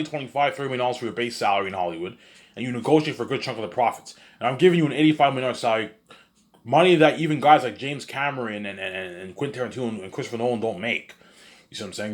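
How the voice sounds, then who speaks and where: A man's voice: medium pitch, animated, racing. A man rambling in a casual monologue, repetitive and boastful. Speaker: monologue host.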